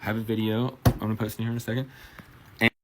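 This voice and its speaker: Heavy background noise surrounds this man's fast, fairly low voice. A bartender and manager, he spins a profane story-time tale, acting out each quote with animation.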